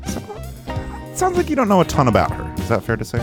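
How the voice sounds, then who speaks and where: A man's voice: on the high side, huge pitch swings, fast, music in the background. A man hosting a comedic podcast, playful and mock-dramatic, quizzing his co-host. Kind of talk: casual comedic podcast chat.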